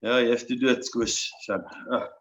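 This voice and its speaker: A man in his sixties, a veteran guest telling his story in an emotional, halting way, often restarting and repeating words. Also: mid-range voice, fairly even intonation, a bit bright. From South Africa. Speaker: interview guest, army veteran. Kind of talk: personal storytelling. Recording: roomy, dull lo-fi sound.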